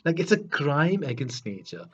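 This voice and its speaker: Husky, chatty male film reviewer. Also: fairly high pitch, sing-song, moderate pace. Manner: earnest, self-deprecating, chatty. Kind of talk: casual spoken film review. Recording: dull lo-fi recording, faint music.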